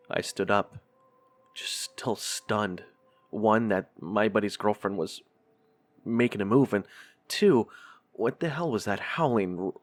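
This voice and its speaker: A man whose voice sits on the low side hosts a horror podcast. He reads a scary first-person story in a measured, drawn-out storytelling style.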